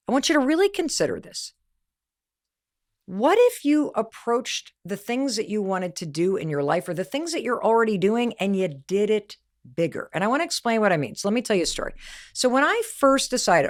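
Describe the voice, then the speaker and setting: Animated woman telling a motivational story. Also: on the high side. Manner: animated, emphatic, addresses listener directly. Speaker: podcast host and motivational speaker.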